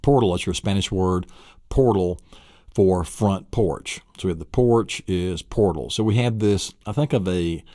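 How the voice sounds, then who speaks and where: A man's voice: low voice, measured pace, warm tone, dry recording, clean studio sound. A middle-aged man teaching an audio memory lesson, enthusiastic and laughing often. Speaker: memory course instructor.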